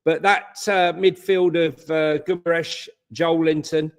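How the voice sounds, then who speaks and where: A man's voice: on the high side, fairly even intonation, a little slow. A man co-hosting a casual football watchalong, talking conversationally with many hesitations. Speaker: co-host.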